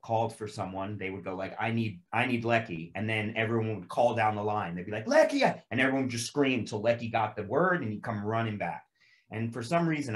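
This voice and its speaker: A man telling boot camp stories to old castmates in casual chat, laughing often, swearing freely and acting out shouted drill calls. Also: fairly low pitch. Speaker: actor on a cast reunion panel. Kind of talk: casual storytelling among castmates.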